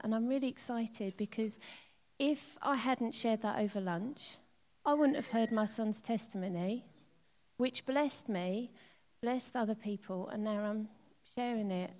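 A middle-aged woman giving a personal testimony in church, soft and earnest, often trailing off quietly. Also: on the high side.

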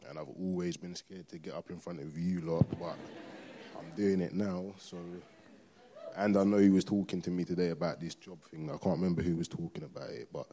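A man giving a personal testimony to a church congregation, hesitant and halting with many pauses. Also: low voice, mellow.

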